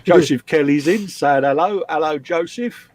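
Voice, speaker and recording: A man's voice: a little high, normal speed, darkish tone. A man hosting a casual live stream while building a model kit, chatty, greeting viewers and calling them mate. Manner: chatty, reads out viewer names, says "mate". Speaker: host.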